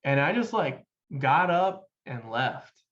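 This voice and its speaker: A man's voice: medium pitch, big pitch swings, fairly bright tone. Young man telling his story, lo-fi. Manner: loose and halting, with many fillers. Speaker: guest. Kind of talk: casual storytelling. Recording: dull lo-fi sound.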